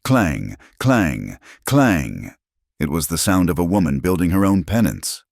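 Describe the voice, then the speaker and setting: Deep-voiced dramatic male storyteller. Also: big pitch swings, measured pace, creaky, a little mellow, dry recording, studio quality. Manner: dramatic, emphatic. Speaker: narrator.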